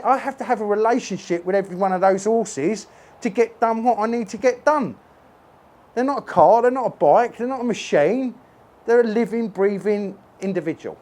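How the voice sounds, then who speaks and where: Man, fairly high voice, horse trainer, earnest, repeats himself for emphasis, phone on a tripod. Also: darkish tone. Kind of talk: casual talk to camera while working a horse. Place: stable yard with a horse.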